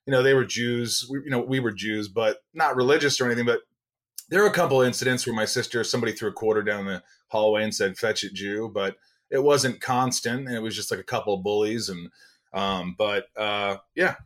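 A man's voice: on the low side, brisk. A middle-aged man, a podcast guest, telling casual stories and acting out the people in them. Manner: animated, acts out quoted people. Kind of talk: casual storytelling.

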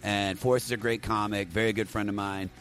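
A man hosting a podcast, talking casually and enthusiastically, swearing freely and jumping up in pitch as he hypes things. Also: fairly even intonation, brisk, a bit bright, soft background music. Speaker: podcast host.

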